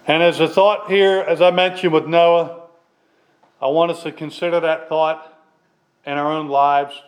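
A man preaching a sermon in an earnest, halting way, with restarts and fillers, loud on key lines and dropping quiet at their ends. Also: on the high side, steady tone, low-quality recording. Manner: swings between loud emphatic lines and dropped, quiet endings.

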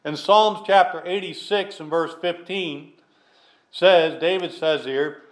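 A man preaching a sermon, reading scripture aloud and then explaining it with plain talk, stressing key words slowly. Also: on the high side, a bit bright. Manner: reads scripture in King James wording, then preaches with fillers and restarts.

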